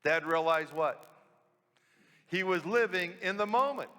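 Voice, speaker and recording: A priest giving a homily and telling a story with rhetorical questions. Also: male voice, high-pitched, animated, a little slow, bright, forceful tone. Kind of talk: sermon storytelling. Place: church. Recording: long church reverb.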